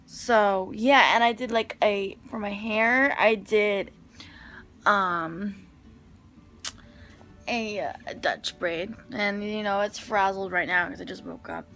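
A woman talks straight to camera in a bright, clear voice. She rambles through her day, full of "like" and restarts, over faint music. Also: medium pitch, fairly even intonation, takes it slowly. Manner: rambling, filler-heavy storytelling. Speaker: vlogger. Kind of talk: casual chat to camera.

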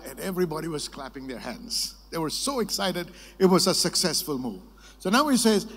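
A man preaching a sermon with a slightly raised pitch, telling stories and calling on the crowd to answer. His voice rings with the long reverb of a large conference hall. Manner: lively storytelling, prompting the congregation to answer.

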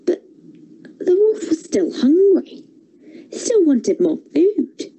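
A woman telling a fairy tale for children in a theatre workshop, expressive and playful. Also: extremely high pitch, takes it slowly, rough recording. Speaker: storyteller, theatre workshop leader. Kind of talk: animated storytelling for children.

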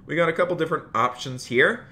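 Upbeat streamer greeting chat, bright voice. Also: male voice, on the high side, fast, slight background noise. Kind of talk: live-stream role-play commentary.

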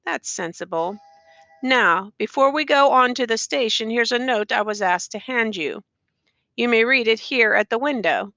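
A woman voicing a tall, calm and firm plainclothes policeman who speaks matter-of-factly. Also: medium pitch, no room sound.

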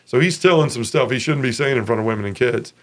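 A man giving an earnest, emotional personal testimony as an interview guest, acting out other people's voices as he tells the story. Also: quick pace. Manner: animated, acts out others' voices with raised pitch.

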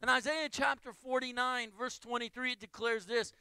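A man's voice: extremely high pitch, fairly even intonation, normal speed, pushed and bright, clear, resonant tone, no echo, low-quality recording. A male pastor preaching a sermon with emphatic phrases that he repeats in building lists.

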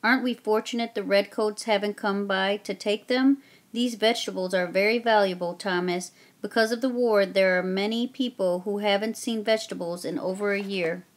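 A woman voicing a gentle, secretive colonial mother who speaks softly and calmly in a children's story reading. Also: mid-range voice, moderate pace, close to an everyday voice. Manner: soft, calm, reassuring.

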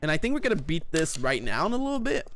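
Excitable streamer guy, pretty high voice, swings all over the place, yelps at jump scares. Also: fast talker, slight background noise. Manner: excitable, shrieks when scared. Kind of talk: live gameplay commentary.

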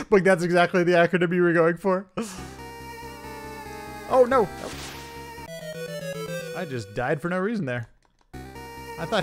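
Live-streaming a retro game, a man chats with viewers and laughs at his own mistakes in an animated, self-deprecating way. His voice sits high, and he talks slowly with long pauses while faint music plays behind him.

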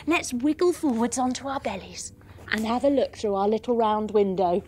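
A woman's voice: a little high, moderate pace, a little mellow, slight background noise. A young woman leading a storytelling yoga class for children, playful and encouraging, with gasps and sound effects. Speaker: kids yoga teacher.

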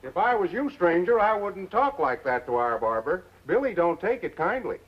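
A man's voice: high voice, sing-song, normal speed, slight background noise. An actor playing a chatty townsman with folksy, teasing talk, from a muffled old TV soundtrack. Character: chatty male townsman customer. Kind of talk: 1950s TV western acting.

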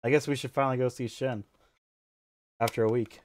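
A man playing a tabletop game, chatting casually and rambling through excited theories. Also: mid-range voice, a little fast, slight background noise. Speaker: player.

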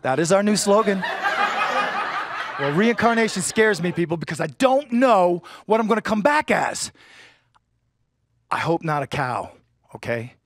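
High-voiced man doing stand-up. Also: sing-song, measured pace, long pauses. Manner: punchy joke delivery, acts out silly voices. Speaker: stand-up comedian. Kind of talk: stand-up comedy set. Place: stage before a live audience.

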